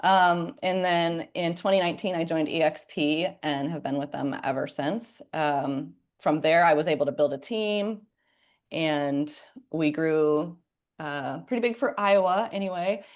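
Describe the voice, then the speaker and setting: A woman in her thirties tells her story in a relaxed, chatty way. Her voice sits a little low for a woman, and she fills her sentences with ums and likes as she goes. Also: a little slow. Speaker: real estate agent. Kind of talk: casual chat.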